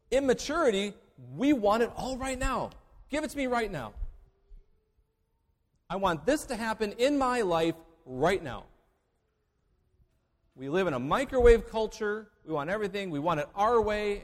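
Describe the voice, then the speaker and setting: A male pastor preaching a sermon, emphatic, moving between loud declarations and hushed asides. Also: high voice, in a large hall.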